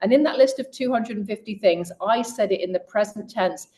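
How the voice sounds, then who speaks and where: A middle-aged woman in an interview, telling her own story and speaking straight to women listeners. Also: fairly quick. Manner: lively storyteller who voices quoted people with raised pitch; direct, addresses women listeners. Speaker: guest coach.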